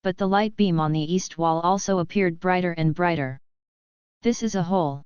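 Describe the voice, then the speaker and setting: A woman reading a novel aloud as an audiobook narrator, in an even, measured way. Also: on the low side, smooth, dry recording, dull audio. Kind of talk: scripted narration.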